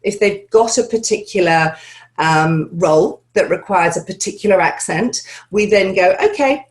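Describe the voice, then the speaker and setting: Calling in by video from home, a female accent and dialect coach rambles chattily through interview answers, leaning on lots of filler words. She speaks at a moderate pace in a lowish voice whose intonation stays fairly even.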